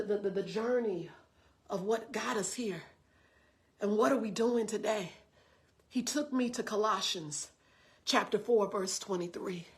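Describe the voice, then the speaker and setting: A woman pastor preaching fervently to a live-stream audience, greeting viewers by name and stumbling into quick repeated restarts. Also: medium pitch. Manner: fervent, direct address to viewers, stammered restarts. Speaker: pastor and online show host.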